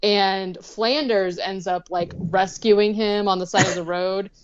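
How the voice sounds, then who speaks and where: A woman's voice: mid-range voice, steady tone, a little slow, a little hiss or hum. Chatty woman podcaster, slightly dull sound. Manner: chatty, leans heavily on "like" and "um". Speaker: podcast co-host. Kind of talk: casual chat recapping a cartoon episode.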